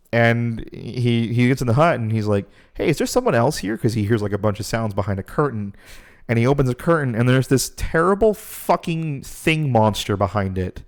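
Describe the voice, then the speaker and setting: A man on a podcast telling a story in a loose, animated way and swearing often. His voice sits at a middle pitch, with nothing unusual in its tone. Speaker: podcast host. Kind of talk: casual chat.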